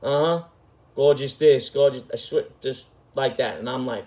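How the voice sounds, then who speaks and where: A man's voice: mid-range voice, moderate pace, darkish tone. A middle-aged man, telling a story in an emphatic, profane, street-talking way. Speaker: storyteller host. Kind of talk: casual storytelling.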